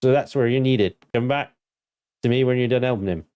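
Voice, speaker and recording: A man voicing a gruff, weary male ship captain in a game, with a put-on West Country English accent and a blunt, rural-sounding drawl. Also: medium pitch, brisk, darkish tone, no echo, close to an everyday voice.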